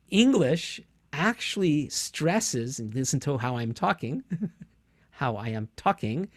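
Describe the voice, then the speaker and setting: A man's voice: on the high side, darkish tone. A middle-aged man teaching a Bible survey course in a casual, self-correcting way that sometimes laughs at himself. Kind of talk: teaching lecture.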